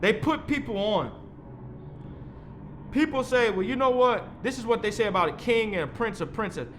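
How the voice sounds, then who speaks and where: A man's voice: sits high, lively intonation, normal speed, a little hiss or hum. A man in his thirties delivering a rambling, heated monologue, swearing freely as he lectures. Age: 30s. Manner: heated, profane, preachy. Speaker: vlogger.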